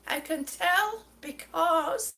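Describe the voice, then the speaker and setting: Speaking extremely slowly, this woman has a very high, bright, pushed voice with vocal fry. As a vlogger ranting to the camera, she relates an exasperating story, stumbling over words and sounding out of breath.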